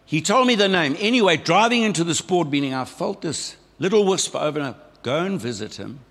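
A man's voice: high voice, fast, a bit bright. Older South African man, throaty storyteller with a frog in his throat, giving church testimony. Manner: folksy storytelling, acting out remembered voices. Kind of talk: conversational testimony sermon. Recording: long hall reverb.

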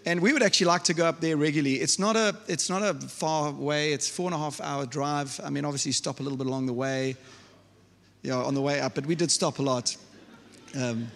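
A man preaches from a church hall in a loose, conversational way, often turning to the congregation with questions. His voice sits a little high. The hall's long reverb trails behind each phrase. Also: fairly even intonation, a little fast, gravelly, a bit bright. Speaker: pastor. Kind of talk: sermon.

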